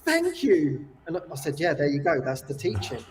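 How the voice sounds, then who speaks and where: A man leading retreats, telling stories in an animated way, acting out the people he quotes and often tagging lines with "yeah?". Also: fairly high pitch, a little fast. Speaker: retreat leader and guest. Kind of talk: casual storytelling. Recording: voice distant from the mic.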